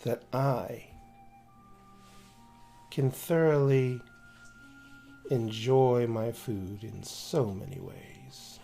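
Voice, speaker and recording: A seductive vampire woman, put on by a man at the table, purring her words low and breathy. Her menace creeps in slowly and quietly, like a tabletop game's villain. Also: soft background music. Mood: sultry. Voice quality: low breathy sultry whisper.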